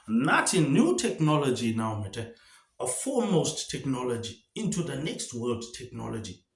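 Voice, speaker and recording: A man's voice: mid-range voice, very animated, normal speed, creaky. A man rambling through a solo monologue, firing off rhetorical questions and tagging "mate" onto nearly every phrase. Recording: echoey room.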